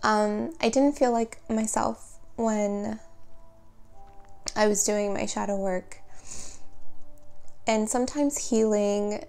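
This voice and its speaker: A woman who reads tarot, reading passages aloud from a guidebook and reflecting on them in a gentle, earnest way. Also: medium pitch, slow, long pauses, soft background music. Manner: gentle, earnest, easily moved. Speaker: tarot reader.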